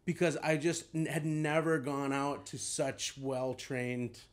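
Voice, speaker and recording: A man's voice: mid-range voice, flat delivery, slow. A man, a guest comedian, chatting casually on a comedy podcast, rambling into asides and laughing often.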